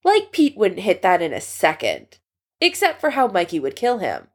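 A woman reading a fan story aloud with expressive narration. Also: medium pitch, moderate pace. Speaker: story reader.

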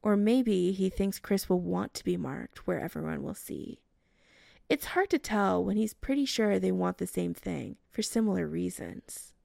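Woman reading a story out loud, slow and unhurried, lots of vocal fry, dry close mic. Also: mid-range voice, dry recording. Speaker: narrator. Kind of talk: audiobook reading of a romance story.

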